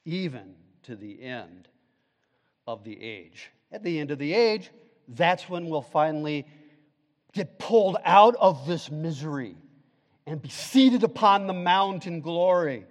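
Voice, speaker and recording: A man preaching a sermon, swinging between loud, fervent peaks and hushed, slow passages. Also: fairly high pitch, animated. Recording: long hall reverb.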